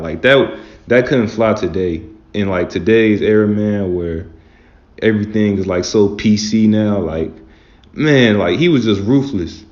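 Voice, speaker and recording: A man's voice: lowish voice, a little slow, a little mellow. A man hosting his own casual commentary as a wrestling fan, talking loosely and rambling with lots of "man" and "like". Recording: roomy, dull lo-fi sound.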